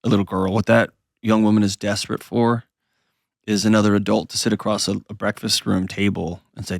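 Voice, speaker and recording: Advice-show host, male, low and dry, sincere and reassuring. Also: flat delivery, brisk, gravelly, dry recording.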